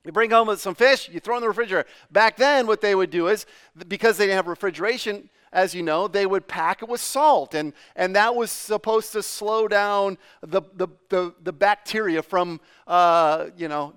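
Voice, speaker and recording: A man's voice: high-pitched, fairly bright tone, clear, resonant tone. A middle-aged man from New England preaching a sermon in a loose, conversational way, full of fillers and questions to the congregation. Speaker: pastor.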